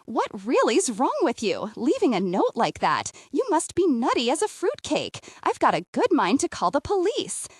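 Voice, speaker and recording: A brash, rude middle-aged realtor who scolds with open scorn, as a woman puts her on. Her voice sits fairly high and swings a lot as she mocks. The sound is dry and close. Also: wildly swooping pitch, normal speed, hardly any pauses, dry recording. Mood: scolding.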